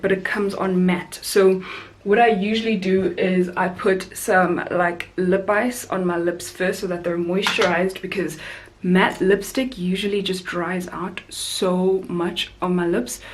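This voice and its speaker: A young woman from South Africa chats away while doing her makeup, telling a story from work as a flight attendant. She talks in a casual, animated way. Her voice sits at an ordinary middle pitch. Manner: chatty, animated storyteller, rising high for quoted voices.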